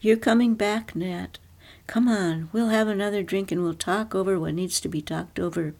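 A woman's voice: mid-range voice, moderate pace, a little mellow, lightly acted. A woman reading the lines of an earnest, eager-to-please middle-aged husband in a story. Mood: indignant. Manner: earnest, pleading.

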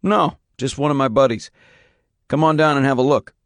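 A man's voice: medium pitch, normal speed, no echo, clean studio sound, voice pushed up, lightly acted. A man voicing a wry, edgy Native American father in an audiobook. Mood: friendly.

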